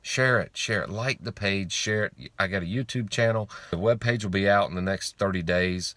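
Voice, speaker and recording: A man's voice: low-pitched, normal speed, fairly bright tone, dry recording. A man giving a blunt, emphatic motivational talk on faith and money, repeating lines for effect and swearing casually. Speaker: online speaker on faith and money. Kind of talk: informal motivational monologue.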